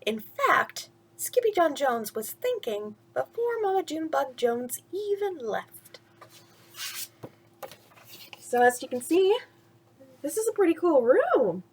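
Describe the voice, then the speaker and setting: A woman's voice: high voice, slow pace, pauses often, slight background noise. A woman reading a children's picture book aloud at bedtime, with chatty asides about the pictures and frequent laughs. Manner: lively, laughs often, points out pictures.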